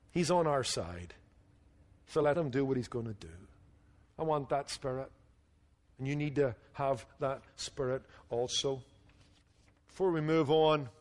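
A man preaching a sermon, telling jokes and stories in an animated way and acting out the people in them. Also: on the high side. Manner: animated storytelling with voiced quotes. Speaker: pastor. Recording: hall reverb.

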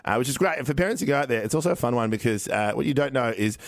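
A man's voice: mid-range voice, animated, racing, dry recording, clean studio sound. A man in his thirties with an Australian accent, chatting casually as a podcast host and telling rambling stories full of fillers. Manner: rambling storyteller, many fillers. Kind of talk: casual chat.

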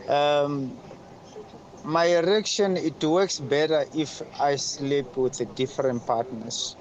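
A man calling in with a voice note, speaking haltingly and hesitantly. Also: a little high. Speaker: caller leaving a voice note. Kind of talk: recorded voice message. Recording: noisy voice note with traffic.

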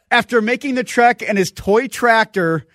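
High-voiced male radio co-host. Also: a little slow, fairly bright tone, dry recording, clean studio sound. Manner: loose and joking, with restarts. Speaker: radio co-host reading headlines. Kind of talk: casual radio chat and news reading. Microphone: studio microphone.

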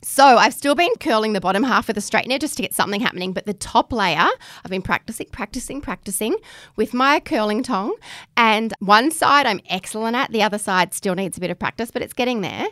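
A woman's voice: mid-range voice, expressive, fairly quick, fairly bright tone, no room sound. Australian woman, 30s, podcast co-host; chatty and self-mocking, dry studio sound. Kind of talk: casual chat.

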